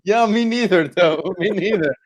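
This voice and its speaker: A male guest on a casual live stream with a fairly high voice. He teases and giggles, and he often trips over and restarts his sentences. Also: normal speed. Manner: giggly, teasing, stumbling restarts.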